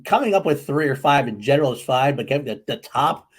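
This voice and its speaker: A man's voice: mid-range voice, expressive, fast. A man co-hosting a podcast in casual chat, laughing often and rambling with fillers. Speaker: podcast co-host.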